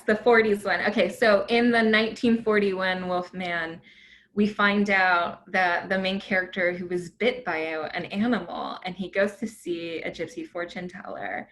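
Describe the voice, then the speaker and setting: This is an American woman in her thirties leading an informal class discussion, with a lowish voice. She talks in a chatty, animated way, full of fillers and restarts. A faint hum of background noise sits under her. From United States. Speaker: guest lecturer. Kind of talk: casual academic talk.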